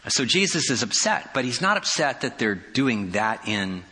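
A pastor delivers a sermon, weaving in stories and playful asides. His voice is bright and forward, with a long reverb trailing it through a large hall. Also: mid-range voice, sing-song, moderate pace. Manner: storytelling with humorous asides.

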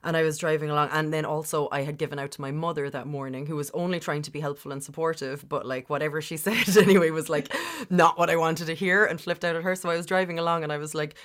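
A woman talking candidly as a podcast guest, chatty and full of restarts, sometimes clearing her throat. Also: deep voice, steady tone, quick pace, few pauses. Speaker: podcast guest, business founder. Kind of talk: candid conversational interview.

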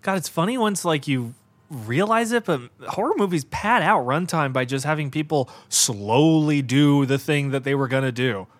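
A man's voice: fairly high pitch, animated, moderate pace. A man hosting a podcast, giving casual live watch-along commentary on a movie, reacting aloud with exclamations, swearing and laughs. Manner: casual and profane, with lots of fillers like "like" and "God". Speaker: podcast host.

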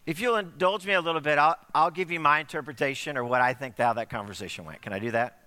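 A man's voice: fairly high pitch, fast, bright, forceful tone, long reverb tail. A man preaching a sermon, telling a story with acted-out dialogue.

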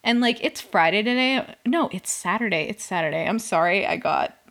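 Sarcasm runs through this young woman's casual podcast recap of a reality TV show, with frequent swearing and a steady stream of "like." She's animated, medium-pitched, and fairly bright in tone, moving at a moderate pace.

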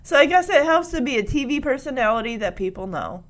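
A woman's voice: sits high, very animated, quick pace. A woman chatting casually as she recaps a TV episode, rambling and laughing often.

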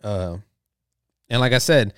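A man's voice: mid-range voice, slow, fairly bright tone, smooth, no room sound, studio quality. A man who works as a bartender telling a story as a rambling, profane rant full of filler words.

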